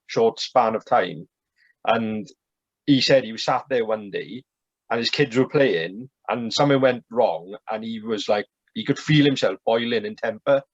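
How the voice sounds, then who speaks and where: Male guest, mid-pitched, rambling casual talker, dry lo-fi mic. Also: breathy edge, no echo. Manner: rambling, lots of "like". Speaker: podcast guest. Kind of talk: casual podcast chat.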